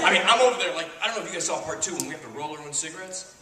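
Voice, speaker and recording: A man's voice: a little high, very fast. A man answering audience questions at a convention panel, swearing freely and acting out the people in his stories. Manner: profane, animated, mimics voices while telling stories. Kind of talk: storytelling Q&A with audience. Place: large convention hall. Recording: roomy hall, crowd noise, far from mic.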